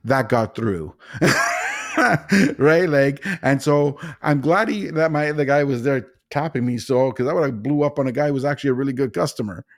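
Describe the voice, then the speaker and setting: A middle-aged man hosts a podcast and rambles through an anecdote, stumbling over restarts and laughing as he goes. His voice sits at an ordinary pitch. The sound is close and dry, with no room behind it. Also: brisk, hardly any pauses, no room sound. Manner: rambling, animated storyteller with frequent restarts and laughs. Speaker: podcast host. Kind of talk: casual storytelling interview.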